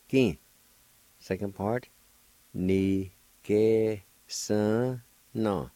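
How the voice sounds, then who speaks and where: A man teaches pronunciation in a slow, patient radio lesson, spelling out words and repeating every syllable with care. His voice sits a little low and sounds dry and close to the mic. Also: warm tone, dry recording.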